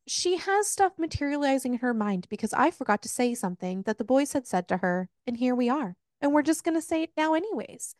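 Speaking fairly quickly with few pauses, a high-voiced woman co-hosts a casual podcast, recounting a book's plot in a lively way full of profanity and laughs. The sound is clean studio audio without echo.

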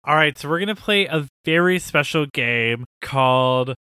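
A man hosts a casual podcast conversation with a dry, wry way of talking. His voice is bright and clean. The sound is dry and close, with no room echo. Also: on the high side, lively intonation, moderate pace, clear, resonant tone. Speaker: podcast host. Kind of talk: casual chat.

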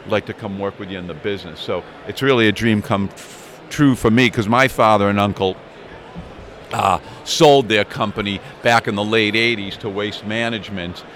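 A man in his sixties who owns a small business chats casually and tells anecdotes, swearing now and then. His voice is on the low side and fairly bright, at a moderate pace. There is outdoor crowd chatter behind him and a little hiss or hum.

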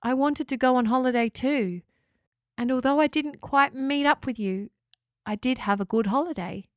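Woman voicing a soft-spoken talking house. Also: high voice, moderate pace, no echo, studio quality, voice pushed up, lightly acted. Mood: earnest. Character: gentle talking family house, female, homesick and loving.

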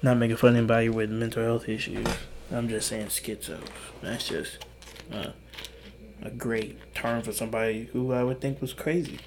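Tired young man, mid-pitched, keeping his voice low and half-whispered; loose, profane solo podcast monologue over faint noise. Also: fairly even intonation, normal speed. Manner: hushed, half-whispered rambling with swearing and laughs. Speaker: podcast host.

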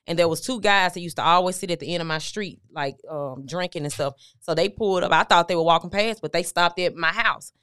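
A woman's voice: fairly low pitch, a little fast, hardly any pauses, fairly bright tone, clean tone, no echo, studio quality. A middle-aged woman, a guest on an interview show, candidly recounting a personal story and quoting what people said. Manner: conversational, recounting with quoted dialogue. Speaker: guest, motivational speaker.

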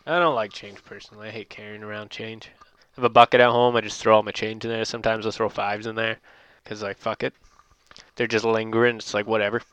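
A young man chatting casually, telling rambling, profane stories and getting loud when amused. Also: lowish voice, little pitch movement, fast, smooth, no room sound, dull audio. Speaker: podcast host. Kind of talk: casual chat.

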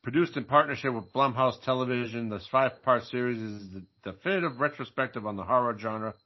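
A man's voice: medium pitch, fairly quick. Joking man stumbling through news. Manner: stumbles over words while reading, joking. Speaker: podcast co-host. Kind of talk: casual chat reading movie news. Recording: dull lo-fi sound.

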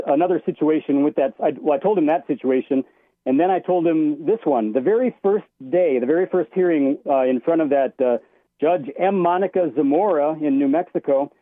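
A man's voice: a little high, no room sound. A man calling in to a talk show, telling a long story in a rambling way with many restarts. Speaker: caller. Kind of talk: casual phone-in storytelling. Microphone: phone. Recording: tinny phone line.

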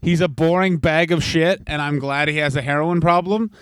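A man's voice: on the high side, normal speed, a bit bright, clean tone, dry recording. A man co-hosting a comedy podcast, ranting crudely and slipping into mocking voices in casual chat. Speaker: podcast co-host.

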